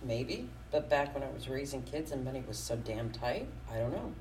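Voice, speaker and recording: A middle-aged woman who runs a small business, talking bluntly and getting animated in a casual conversation. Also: rumbling low, normal speed, far from the mic, slight background noise, poor audio. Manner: blunt and opinionated, gets animated.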